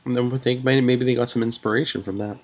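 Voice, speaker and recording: A man's voice: medium pitch, fairly even intonation, quick pace, a little mellow, highs cut off. A man co-hosting a podcast, chatting casually and musing in rambling, restarting sentences. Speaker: podcast co-host. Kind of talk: casual TV review chat.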